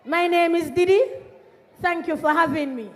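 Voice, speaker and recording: A young woman with a Kittitian accent giving a political rally speech outdoors, shouting call-and-response lines to the crowd. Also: very high-pitched, moderate pace. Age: young adult. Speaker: rally speaker. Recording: PA echo over outdoor crowd.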